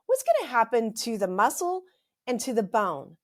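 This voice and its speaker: A woman's voice: fairly high pitch, wildly swooping pitch, moderate pace. Emphatic ranting woman podcast host. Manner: ranting, emphatic, repeats phrases. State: dry throat, clearing it. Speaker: podcast host, health practitioner. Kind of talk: impassioned health podcast monologue.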